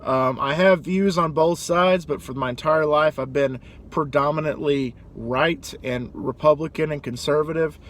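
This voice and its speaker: A young man talking casually in a rambling vlog monologue, now and then doing loud high-pitched impressions. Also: moderate pace, hardly any pauses. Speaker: vlogger.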